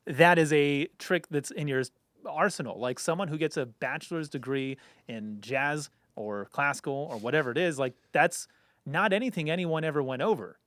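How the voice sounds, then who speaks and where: Man, podcast co-host, emphatic rambling talk, slightly high voice, dry close mic. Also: normal speed, no echo. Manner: animated, emphatic, rambling with fillers. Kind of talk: casual chat.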